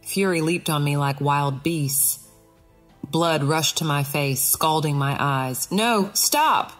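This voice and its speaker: A woman narrating a Christian allegorical audiobook in the first person, earnest and expressive. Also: deep voice, slow, soft background music.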